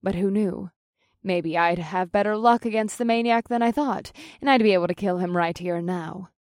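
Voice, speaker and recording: A woman narrates a first-person audiobook in a plain-spoken way, dropping casual curses. Her voice sits at a middle pitch. The recording is close and dry. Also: moderate pace, darkish tone, dry recording.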